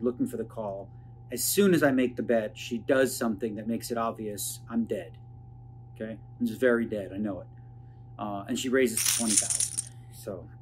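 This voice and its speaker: A man casually narrating a vlog, chatting through poker hand breakdowns in a rambling, jargon-filled way. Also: medium pitch. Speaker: poker player vlogger. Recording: noisy background.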